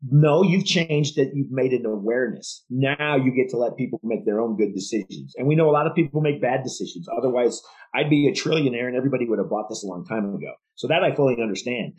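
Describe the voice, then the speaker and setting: Husky, emphatic male sales podcaster. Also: mid-range voice, animated, fast, darkish tone, rough recording. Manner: emphatic, rambling with restarts. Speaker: podcast co-host. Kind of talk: casual sales chat.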